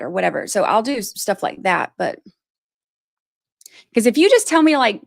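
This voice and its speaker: A woman with a medium-pitched, sing-song voice and vocal fry talks at a moderate pace on her livestream. Commenting casually on a court case, she reads chat aloud, rambles, thinks out loud and pads her talk with "like" and "you know," making fun of herself along the way.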